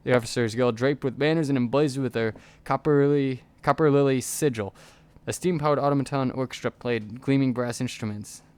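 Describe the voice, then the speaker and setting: A man reading a text adventure game aloud as a let's player, going quickly and often stumbling over words. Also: medium pitch, darkish tone, clean tone. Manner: reads quickly with frequent stumbles.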